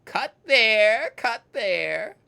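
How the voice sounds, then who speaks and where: A man doing a creepy old woman surgeon who croons to herself in a high, lilting sing-song, her voice swooping all over the place. She mumbles and repeats herself, bright and strange, as in a video game. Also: sing-song, drawn-out words, vocal fry, heavily acted. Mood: crooning, eerie. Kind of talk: reading game dialogue aloud.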